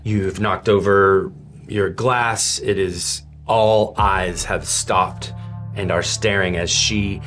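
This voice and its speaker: A man narrating a tabletop game as game master, telling the story dramatically with halting restarts. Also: sits low, fairly even intonation, a bit bright, soft background music.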